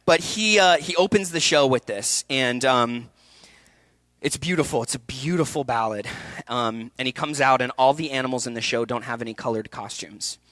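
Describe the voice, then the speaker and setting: A man in his thirties giving a passionate, animated talk to actors at a festival session. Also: mid-range voice, no echo. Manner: passionate, animated, quick bursts with laughs. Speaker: acting coach speaking at a festival session. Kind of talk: energetic workshop talk. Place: event hall before an audience.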